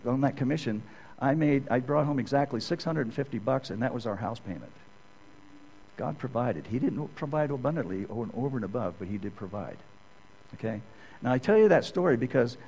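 A middle-aged man gives a sermon in a relaxed, conversational style. His pitch sits in an ordinary middle range, and he keeps pausing to ask "okay?" as he goes. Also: poor audio. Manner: conversational, checks in with "okay?" often. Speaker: preacher.

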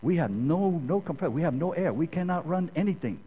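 A man's voice: a little high, animated, a little fast, warm tone, breathy edge, lo-fi sound, pitched above the performer's own voice. A man quoting a middle-aged plant manager, speaking in urgent, clipped, broken English.

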